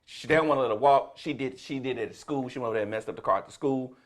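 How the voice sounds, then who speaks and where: A man's voice: mid-range voice, very fast. A middle-aged man, a comedian, telling a story in a casual chat and laughing through the punchlines. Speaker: comedian guest.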